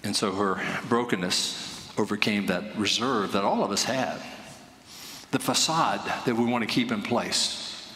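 A man's voice: on the low side, a little slow, a bit bright. A male pastor preaching in a big echoing church hall, his voice ringing with long reverb. He tells stories earnestly and builds to emphatic points, with a faint room hum behind him. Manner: earnest storytelling, rising to emphatic. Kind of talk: sermon. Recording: echoey hall with faint ambience.

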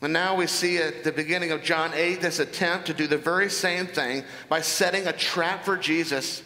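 A man preaching in a church, slowing down to stress key words as he walks through a Bible passage. His voice is high and bright, and it rings out into a large hall with a long, echoing reverb. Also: steady tone. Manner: deliberate, emphatic Bible exposition. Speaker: pastor. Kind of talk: sermon.

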